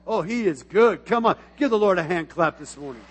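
A middle-aged pastor preaching a sermon in a church, swinging from hushed asides to loud exclamations. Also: male voice, sits high, expressive, brisk, slightly rough, some chatter behind. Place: church sanctuary. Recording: long reverb of a large church hall.

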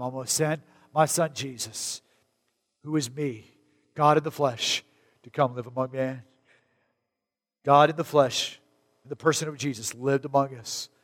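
A middle-aged male pastor from Arizona delivers a sermon in a chatty, animated way, jumping into loud, high bursts of emphasis. His voice sits a little high for a man. The sound carries the long reverb of a large hall. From Arizona, USA.

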